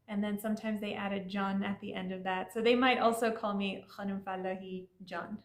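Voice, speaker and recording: Friendly woman teaching, roomy sound. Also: medium pitch. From Iranian family. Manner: friendly, explanatory, with fillers like "you know". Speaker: language teacher. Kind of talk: explaining vocabulary to learners.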